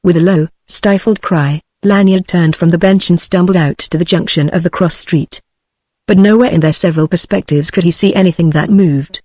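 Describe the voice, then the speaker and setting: A text-to-speech woman's voice with a British English accent reading a novel aloud in an even, synthetic way, sometimes voicing the punctuation. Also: fairly low pitch, dry recording. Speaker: audiobook narrator.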